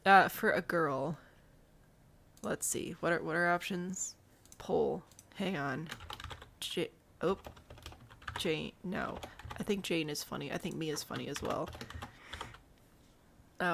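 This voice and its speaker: A woman's voice: deep voice, unhurried, creaky, long pauses, noisy background. A woman with a Midwestern accent, casually commenting on a life-sim game for live viewers and cracking jokes as she plays. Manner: playful, jokey, chatting with live viewers. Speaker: let's play streamer.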